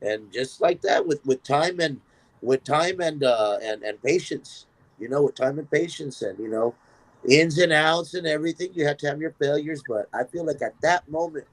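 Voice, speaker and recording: A man tells a story as a musician guest on a podcast interview, with his voice sitting a little above the usual range for a man. He talks in an animated way and acts out the voices of the people in his tale. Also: fairly high pitch, moderate pace, low-quality recording.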